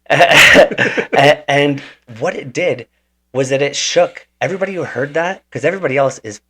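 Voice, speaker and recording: A man's voice: a little high, moderate pace, sharp tone, husky. A man hosting a podcast, telling a story in a casual, slangy way and calling people "dude" and "man". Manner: laid-back and slangy, says "dude" and "man". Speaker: podcast host. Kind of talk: casual conversation, animated storytelling.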